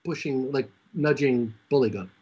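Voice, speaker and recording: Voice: mid-range voice, moderate pace, darkish tone, slightly rough, muffled recording. A player explaining their plan casually at a tabletop game, with many fillers.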